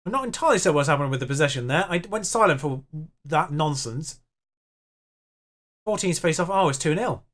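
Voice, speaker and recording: A young man with a high, expressive, fairly bright voice talks a little fast but pauses often while commentating his own game for YouTube. He's chatty and self-mocking, muttering along with the match.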